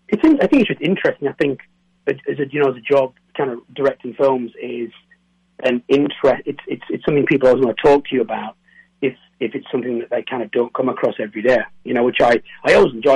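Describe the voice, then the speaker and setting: Gravelly northern English man, muffled line. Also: mid-range voice, darkish tone, no room sound. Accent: northern English, softened toward standard. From northern England, near Newcastle. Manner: hesitant, repeats words, laughs often. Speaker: film director and co-writer, guest. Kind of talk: casual interview answers.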